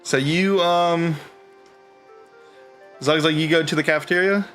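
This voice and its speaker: Game master guy rambling thru a scene, lots of likes and ums, bit high voice. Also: steady tone, measured pace, fairly bright tone, soft background music. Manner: rambling, filler-heavy, laughs often. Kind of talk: narrating a tabletop game.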